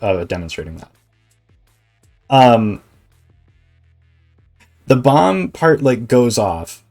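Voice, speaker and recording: A male Twitch streamer chatting casually while gaming, rambling, animated, and swearing freely. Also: mid-range voice.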